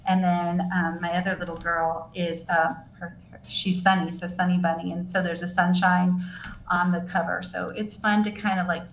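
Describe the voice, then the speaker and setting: A woman's voice: fairly low pitch, flat delivery, moderate pace, vocal fry. An older woman, a children's book author, chatting as a guest in an enthusiastic, rambling way with many restarts. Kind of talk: casual interview chat. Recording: echoey, dull, faint noise.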